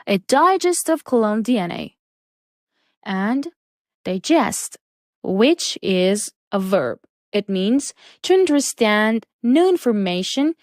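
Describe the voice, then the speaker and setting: A woman teaching a lesson, reading out words and example sentences slowly and deliberately. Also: mid-range voice, a little mellow, no echo, clean studio sound. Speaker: English teacher. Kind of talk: slow, careful English lesson.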